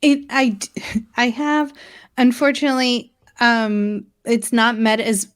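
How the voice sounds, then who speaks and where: A woman's voice: on the high side, flat delivery, measured pace, clear, resonant tone. A woman guest on a podcast, chatting in a friendly way and laughing often. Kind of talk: casual chat.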